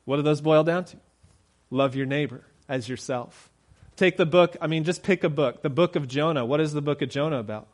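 A man's voice: fairly high pitch, moderate pace. A man preaching a conversational sermon, with frequent fillers and restarts.

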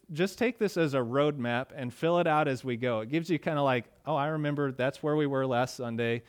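A man preaching a sermon to his congregation, talking casually and rising with emphasis when he reads out verses. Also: medium pitch. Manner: conversational preaching, rising emphatic on quoted lines. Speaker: pastor.

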